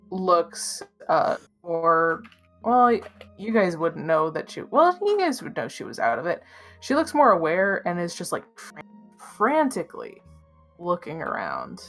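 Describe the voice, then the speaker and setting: A woman runs a tabletop game as game master, narrating slowly and hesitantly. Her sentences are full of pauses and fillers as she describes the scene, with faint music playing behind her. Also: fairly low pitch, sing-song, fairly bright tone.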